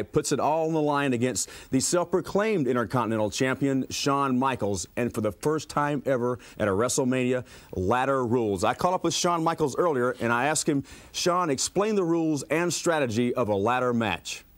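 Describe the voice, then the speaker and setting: A man hosting a wrestling TV segment in a measured presenter style, from an archival broadcast. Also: medium pitch, dry recording. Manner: smooth, measured presenter delivery. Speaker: TV wrestling host.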